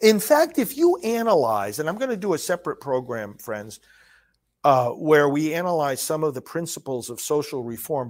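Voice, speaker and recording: A man hosting a solo political commentary show, reading from a speech and discussing it emphatically, often repeating words and restarting phrases. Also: fairly high pitch. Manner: reads quoted lines slowly and forcefully.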